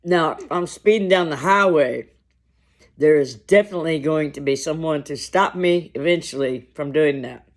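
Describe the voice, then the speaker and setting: A man vlogging to camera over lunch, talking in a slow, reflective, halting way with long pauses. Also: a little high. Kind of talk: casual talk to camera while eating lunch.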